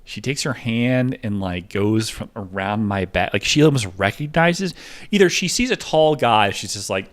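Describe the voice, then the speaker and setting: A man's voice: on the low side, animated, moderate pace. A young man talking in a rambling, digressive monologue, jumping from topic to topic as he tells stories. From United States.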